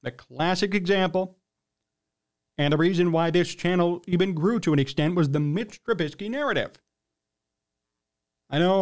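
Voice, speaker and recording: A man's voice: a little high, normal speed. A young man hosting a sports talk show, giving blunt, emphatic opinions.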